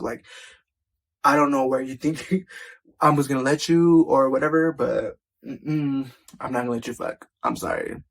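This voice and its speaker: A man vlogger telling a personal story in casual storytime style, animated and profane, filling his talk with "like". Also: mid-range voice, moderate pace, vocal fry. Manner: animated, profane, filler-heavy with constant "like".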